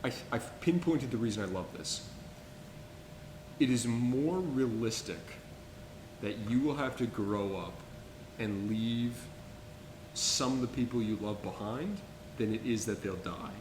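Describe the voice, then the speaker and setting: A man's voice: mid-range voice, measured pace, long pauses, noisy background. A young adult man co-hosting a podcast, chatting about films with enthusiasm and rambling restarts. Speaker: podcast co-host. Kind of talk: casual film-review chat. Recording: echoey room.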